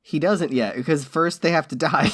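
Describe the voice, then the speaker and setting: A man's voice: fairly high pitch, normal speed, fairly bright tone, no room sound, studio quality. A man co-hosting a podcast in casual chat, with wry, sardonic quips. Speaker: podcast co-host.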